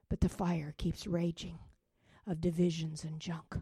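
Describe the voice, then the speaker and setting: A woman preaching a sermon with passion, swinging from loud rising calls to hushed, quiet drops. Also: lowish voice, unhurried, breathy edge, no room sound. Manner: impassioned, with sudden loud rises and hushed drops.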